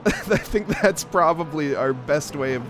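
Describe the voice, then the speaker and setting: Chatty sim racing commentator with music. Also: male voice, a little high, animated, measured pace. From English-speaking. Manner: joking, self-mocking, laughs often. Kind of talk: live esports race commentary.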